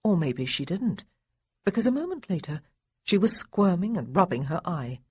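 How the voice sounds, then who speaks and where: Female audiobook narrator, husky and breathy, animated delivery, dry booth sound. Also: on the low side, normal speed, dry recording. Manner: expressive, lively character dialogue.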